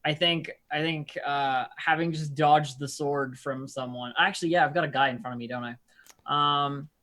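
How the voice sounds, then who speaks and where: A man's voice: on the high side, fairly even intonation, moderate pace, sharp tone. Hesitant man playing a tabletop game. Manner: hesitant, thinking aloud. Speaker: player. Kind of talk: casual tabletop play.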